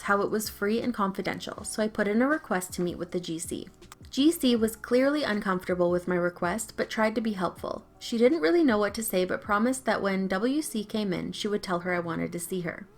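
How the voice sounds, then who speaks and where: A woman's voice: mid-range voice, expressive, fairly quick. A young adult woman reading an online story aloud with a wry, storytelling delivery. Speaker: story narrator.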